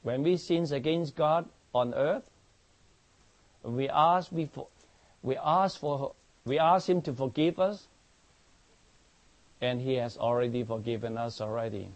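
Slow-paced preacher man. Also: medium pitch, steady tone. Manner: repeats words and restarts, asks the congregation if they understand. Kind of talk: sermon.

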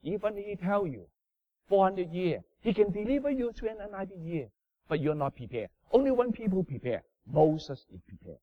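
A man preaching a sermon in non-native English, emphatic, swinging from loud bursts down to low murmurs. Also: big pitch swings, moderate pace, no room sound. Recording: dull lo-fi sound.

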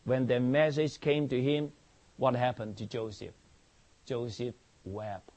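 Slow-paced preacher man. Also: mid-range voice, fairly even intonation, a little mellow. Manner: repeats words and restarts, asks the congregation if they understand. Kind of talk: sermon.

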